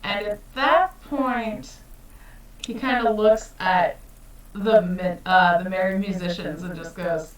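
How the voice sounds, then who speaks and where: A woman's voice: medium pitch, steady tone, slow, echoey room, recorded from a distance, rough recording. A woman running a tabletop game as game master, describing scenes in a laid-back way.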